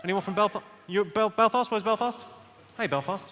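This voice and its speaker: A man doing stand-up comedy in a venue, delivering dry, quick one-liners and mock-polite apologies while working the crowd. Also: high voice, big-room sound, a little hiss or hum. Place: comedy venue before a laughing audience. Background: loud crowd laughter.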